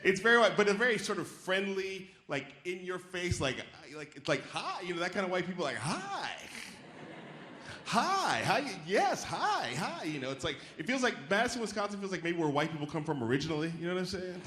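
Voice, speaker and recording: A man's voice: high-pitched, fast, hardly any pauses, pushed and bright. A man doing a stand-up comedy set on a theater stage, talking casually and riffing with the audience, now and then mimicking chirpy voices. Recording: roomy live hall with faint crowd noise. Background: audience laughter.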